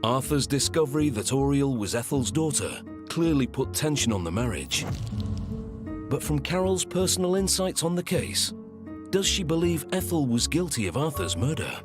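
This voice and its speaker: Male documentary narrator, measured, animated delivery over music. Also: mid-range voice. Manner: measured storytelling.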